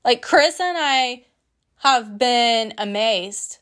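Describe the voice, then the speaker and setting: Young woman, higher register, chatty faith testimony, earnest, laughs easily. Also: expressive, very slow, a bit bright, clear, resonant tone. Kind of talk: casual personal faith testimony.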